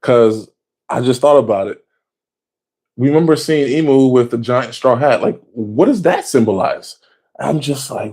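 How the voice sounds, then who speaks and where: A man casually recapping anime episodes in a slangy, excitable way, swearing freely and jumping up in pitch when he gets worked up. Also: moderate pace, slightly rough. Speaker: anime reaction vlogger.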